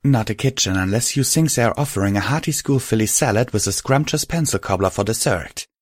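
A man's voice: fairly low pitch, expressive, a little fast, no echo, studio quality. A man voicing a cheerful, playful young female pegasus.

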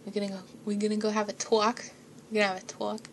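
A woman doing a gruff Boston tough guy. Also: medium pitch, monotone, fast talker, a little hiss or hum, close to an everyday voice. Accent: put-on Boston.

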